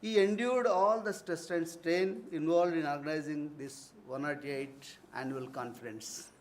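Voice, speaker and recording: A man delivers a formal vote of thanks in a university conference hall. His voice sits slightly high. He is earnest and ceremonial, and he breaks off now and then for warm personal asides. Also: fairly even intonation, a little slow, a little hiss or hum. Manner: earnest, formal phrasing broken by warm anecdotes.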